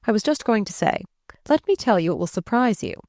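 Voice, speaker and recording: Woman reading a fond, uneasy gentleman. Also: mid-range voice, sing-song, a little fast, dry recording, clean studio sound, voice pushed up. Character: charming, flustered gentleman stepfather.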